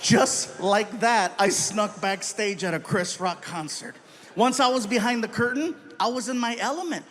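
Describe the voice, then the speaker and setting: A middle-aged man performs stand-up live, his high-sitting voice at a normal pace over a faint hiss or hum. He acts out exaggerated stories with animated energy and punchlines.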